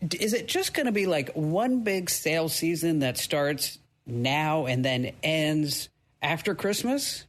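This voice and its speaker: A woman's voice: sits low, lively intonation, unhurried. A woman hosting a podcast interview who talks in a chatty way, with storytelling asides. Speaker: podcast host.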